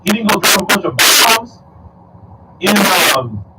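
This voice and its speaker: A man giving casual political commentary to his viewers, talking in an animated way, repeating words and calling them y'all. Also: high-pitched, measured pace, distant mic, very noisy. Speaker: commentary streamer.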